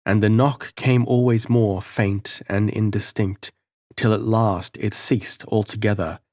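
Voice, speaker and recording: A male audiobook narrator reads in a measured, dramatic way. His voice sits very low. The recording is dry and close, with no room sound. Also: fairly even intonation, a little mellow, dry recording. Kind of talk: scripted narration of a gothic novel.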